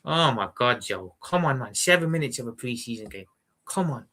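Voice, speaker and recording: A Liverpool man with a Scouse accent rambles bluntly during a live football watchalong stream, often repeating "you know what I'm saying". His mid-range voice has lively intonation at a moderate pace and sounds pushed and bright.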